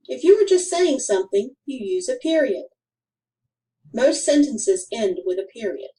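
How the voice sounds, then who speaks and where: A woman reading a grammar lesson for children aloud, in a careful, deliberate way with clear pauses. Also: on the high side, big pitch swings, mellow, recorded from a distance, low-quality recording. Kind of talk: slow scripted instructional narration.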